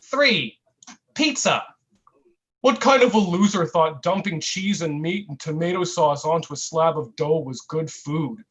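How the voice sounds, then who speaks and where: A man at an online open mic, reading a comic piece in a mock-earnest, satirical way and drawing out his deadpan asides. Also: a little high, a little slow, poor audio. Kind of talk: comic spoken-word reading.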